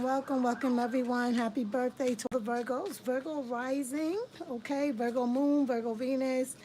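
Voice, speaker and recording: A woman reads tarot cards on a livestream, welcoming viewers with warm repeated phrases. Her voice sits a little high but sounds mellow and dark in tone, with a faint hiss under it. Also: low-quality recording. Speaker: tarot reader hosting a livestream. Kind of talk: casual livestream tarot reading.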